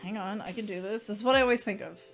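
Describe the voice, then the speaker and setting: A woman hosting a live stream, reading game text aloud at a middle pitch. Her journal readings are hushed and even. Her chat with viewers is lively, with faint music playing behind her. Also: rapid-fire. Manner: reads journal entries in a subdued voice, turns bright and chatty with viewers.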